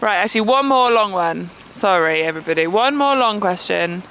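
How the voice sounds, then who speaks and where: Brisk, playful woman asking questions. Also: mid-range voice, expressive, a bit bright, smooth. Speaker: interviewer reading questions. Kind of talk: casual chat. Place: outdoors on a beach by a fire. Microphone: handheld microphone.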